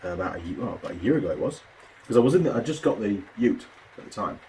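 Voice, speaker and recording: Mechanic host, animated pitch, loose chatty storytelling. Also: male voice, racing, a little hiss or hum. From New Zealand. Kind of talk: casual chat while building a model kit.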